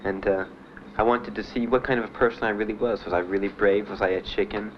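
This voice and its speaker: A man being interviewed about his time in the service, telling his story in a halting, plainspoken way with many fillers. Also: on the low side, fairly even intonation. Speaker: veteran interviewee. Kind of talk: documentary interview. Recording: dull archival recording with faint hiss.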